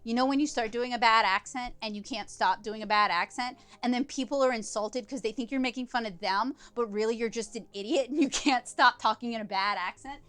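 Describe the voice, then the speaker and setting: A woman's voice: fairly high pitch, brisk, few pauses, a bit bright, clear, resonant tone. A woman hosting an art livestream, chatting casually and rambling a little, with self-deprecating asides. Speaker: livestream host and artist.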